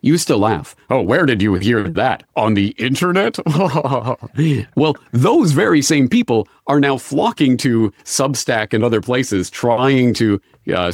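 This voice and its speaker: A middle-aged man from North America answering interview questions in a measured way, often restarting his phrases. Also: medium pitch, no room sound. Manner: measured, restarts phrases, occasional dry laugh. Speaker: interview guest.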